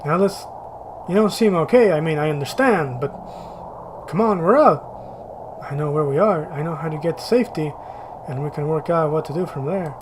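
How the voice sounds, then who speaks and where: A man reading the lines of an earnest, reassuring young male survivor aloud from a game, in a low-key voice. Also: moderate pace, background noise, natural voice.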